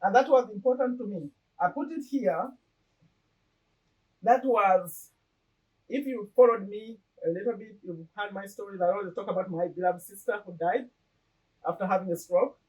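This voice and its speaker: A middle-aged woman talking earnestly and reflectively to camera about her vision board, pausing and restarting as she goes. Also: mid-range voice, a little mellow, recorded from a distance, poor audio. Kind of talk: casual personal talk to camera.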